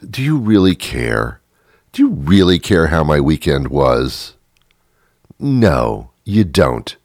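Very deep-voiced grumbling man. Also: no echo, clean studio sound. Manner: sardonic, grumbling. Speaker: comedian. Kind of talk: comic monologue.

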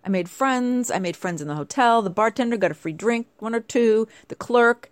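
A woman's voice: on the high side, normal speed, no room sound. A woman hosting her own show, telling stories in casual, chatty asides. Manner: chatty, animated storytelling with playful asides. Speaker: show host. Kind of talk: casual chat.

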